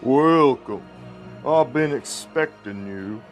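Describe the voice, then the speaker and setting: A man voicing a large, sly male catfish crime boss with a slow, coaxing Mississippi Southern drawl. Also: mid-range voice, lively intonation, faint music behind. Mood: welcoming. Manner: slow, smooth, coaxing menace.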